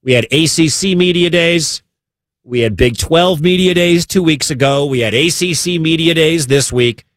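A male sports radio host with a slightly high voice talks emphatically and hammers his points home through repetition. The sound is dry and close, with no room around him. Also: normal speed, no echo. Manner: emphatic, repeats points for stress. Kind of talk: sports talk radio monologue.

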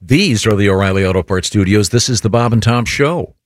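A man's voice: lowish voice, brisk, dry recording, clean studio sound. A man hosting a radio show, introducing segments loosely with many filler words.

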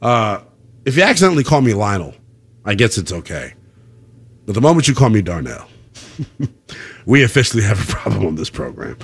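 A man's voice: fairly low pitch, big pitch swings, moderate pace, vocal fry, pauses often, husky. A young man hosting a sports talk radio show, brash and slangy as he takes calls. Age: young adult.

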